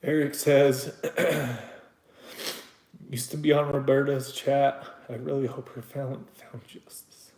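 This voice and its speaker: A man's voice: mid-range voice, little pitch movement, slow, a little mellow. A man hosting a casual live stream. He reads viewer comments aloud and talks candidly, swearing freely and often restarting his sentences. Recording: echoey room.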